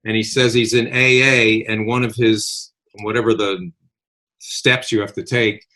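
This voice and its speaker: An older man from Connecticut telling lively anecdotes in a casual chat and acting out the voices of the people in his stories. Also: fairly low pitch, a little slow. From Connecticut, USA. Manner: animated anecdotal storyteller, acts out quoted voices. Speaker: podcast co-host. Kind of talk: casual reminiscing storytelling.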